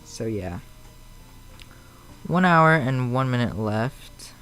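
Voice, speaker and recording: A man's voice: mid-range voice, animated, takes it slowly, fairly bright tone, slight background noise, low-quality recording. A man with a Chicago accent, chatting casually on a live flight-sim stream and answering viewers in a rambling, slightly defensive way. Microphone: streaming mic.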